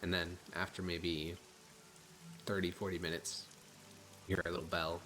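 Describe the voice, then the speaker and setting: A man narrating as game master in a tabletop game, casual and halting with fillers. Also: sits low, level tone, bright, forceful tone, slight background noise.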